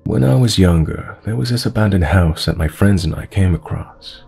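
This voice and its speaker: Male horror narrator with a low, gravelly voice and a calm, measured read. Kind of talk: scripted horror story narration.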